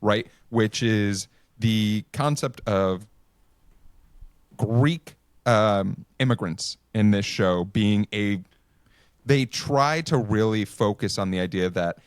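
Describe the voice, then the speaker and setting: A man's voice: on the low side, clear, resonant tone, no room sound. A man co-hosting a podcast, talking casually and stumbling over his starts. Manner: halting, restarts often. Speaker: podcast co-host.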